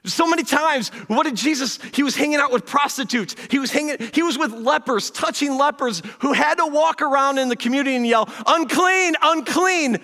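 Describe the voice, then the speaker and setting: A man preaching a sermon as pastor, earnest and conversational, sometimes dropping into soft, slow asides. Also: very high-pitched, big-room sound.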